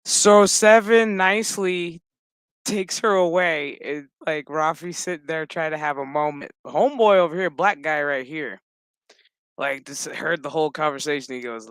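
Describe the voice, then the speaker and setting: A man with a fairly high, bright voice talks slowly through an episode recap. He swears freely and keeps laughing as he tells the story loosely, and the sound is dry and close. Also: clean tone, no room sound. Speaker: show recap host. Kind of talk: casual episode recap commentary.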